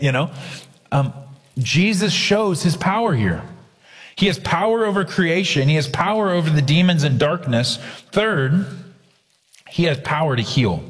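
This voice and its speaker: A man preaches a sermon in a somewhat high voice, building points through emphatic repetition and dropping casual asides to his listeners. His voice carries a long reverb from a large church hall. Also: lively intonation, moderate pace, husky. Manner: emphatic preaching with repeated phrases and asides to the congregation. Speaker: pastor.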